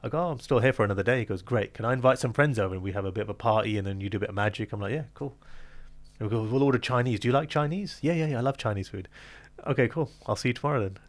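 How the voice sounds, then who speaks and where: A man's voice: lowish voice, very fast, hardly any pauses. A man in his thirties from London, a magician, telling stories in a casual interview and acting out the quoted lines of other people. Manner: animated, acts out quoted dialogue, laughs often. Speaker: magician guest.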